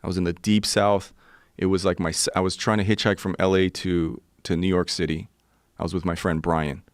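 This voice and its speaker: A podcast guest in his forties tells a profane, vivid story in casual talk, his low voice level in tone and brisk. The sound is close and dry.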